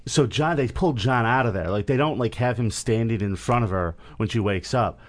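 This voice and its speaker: A man's voice: medium pitch, brisk. A man hosting a casual chat, easygoing, prompting his guest with questions. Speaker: podcast host.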